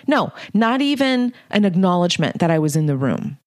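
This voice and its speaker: Woman, middle-aged, low-pitched, blunt and candid, dry close sound. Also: big pitch swings, a little fast, a little mellow, no echo. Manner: blunt, candid, mildly profane. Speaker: podcast host and leadership coach. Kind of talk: casual monologue.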